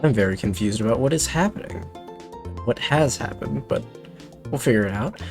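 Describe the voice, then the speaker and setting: Guy doing lets play commentary, dry and confused, mumbly, game music low behind. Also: moderate pace, vocal fry. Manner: wry, bemused, muttering. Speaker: let's play streamer. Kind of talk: gameplay commentary. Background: faint game music.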